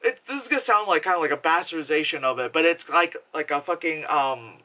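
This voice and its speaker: A woman's voice: low voice, quick pace. A young woman casually reviewing a film, rambling and swearing freely with lots of filler words, often laughing as she retells scenes. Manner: laughs while talking, animated retelling. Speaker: movie reviewer.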